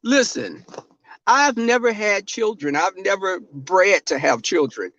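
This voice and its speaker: Taking it slowly, a high-pitched, expressive Texan with a Southern drawl rants brashly, profanely, and sassily on his livestream. He's outdoors in the cold, and his slightly bright voice has no echo, with a dull, dry sound overall.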